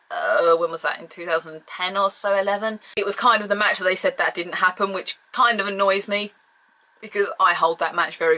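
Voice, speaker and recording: A woman's voice: medium pitch, sharp tone. A woman reviewing an old wrestling event in a casual, rambling way, gushing as a fan and apologizing for her tangents.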